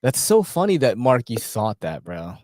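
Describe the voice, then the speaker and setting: A man's voice: medium pitch, wildly swooping pitch, moderate pace, darkish tone, dry recording. Slangy New man, dry close mic. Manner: slangy, swears a lot, many fillers. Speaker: host. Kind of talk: casual livestream chat.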